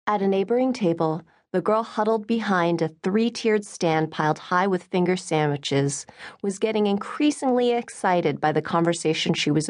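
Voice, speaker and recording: A woman narrating an audiobook in an expressive reading voice. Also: low-pitched, dry recording, clean studio sound.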